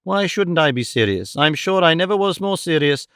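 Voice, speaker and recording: A man's voice: a little high, lively intonation, normal speed, a bit bright, clean tone, no room sound, clean studio sound, pitched above the performer's own voice. A man voicing a fussy, scatterbrained middle-aged mother who talks emphatically and exclaims often.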